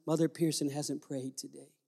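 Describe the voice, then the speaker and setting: A man voicing an elderly church mother who gently coaxes a child to pray with her, quiet and tender. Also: low voice, little pitch movement, normal speed, creaky, long reverb tail, pitched below the performer's own voice. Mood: coaxing.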